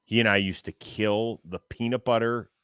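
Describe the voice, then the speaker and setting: A middle-aged man hosts a casual baseball talk show in a chatty, joking way. His voice sits a little low but has a bright, forceful edge. The sound is dry and close. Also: fairly even intonation, normal speed, clear, resonant tone, dry recording. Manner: chatty, jokey, signs off the show. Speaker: host.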